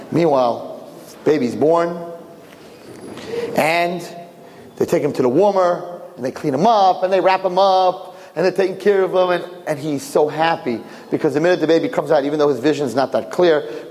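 A male rabbi giving a sermon as a lively story, jumping into voices and joking with his listeners. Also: a little high. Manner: animated, acts out voices, jokes with listeners. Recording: long reverb, faint background noise.

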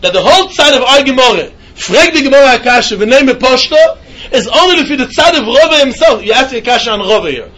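A man teaching a Talmud lesson in a yeshiva style, with an animated singsong delivery. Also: very high-pitched, quick pace. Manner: animated singsong, mixing Yiddish and Hebrew terms.

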